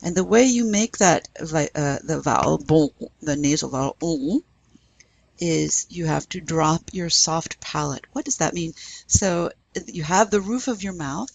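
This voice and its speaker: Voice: mid-range voice, lively intonation, unhurried, gravelly, a little hiss or hum. A French professor giving a classroom lecture, patiently demonstrating each sound and having the class repeat.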